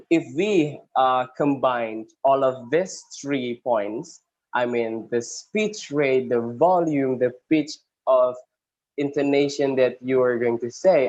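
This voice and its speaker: A man's voice: medium pitch, dull audio. Indonesian man teaching speech delivery. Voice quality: strong, loud voice. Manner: explanatory, many "I mean" restarts, mixes English with Indonesian. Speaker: speech trainer. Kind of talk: teaching a class.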